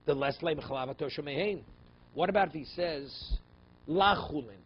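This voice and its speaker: A rabbi leads a Talmud class in a somewhat high voice, reading Aramaic lines and explaining them in English. He keeps checking in with his students. The recording is a little dull, with faint room noise behind him. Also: moderate pace. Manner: mixes Aramaic quotes into English, asks "okay?" and "right?" often.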